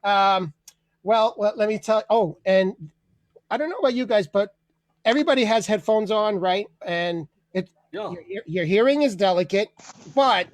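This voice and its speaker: A man hosting a comedy open mic over a video call, telling an animated, exasperated bit and laughing at his own jokes. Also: sits high, moderate pace, no echo. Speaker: comedy show host.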